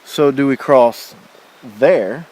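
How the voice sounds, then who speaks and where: A man's voice: mid-range voice, extremely slow, darkish tone, low-quality recording. A man filming his hike outdoors beside a forest creek, rambling and thinking aloud in a casual vlog, correcting himself as he goes. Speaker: hiker filming his trip.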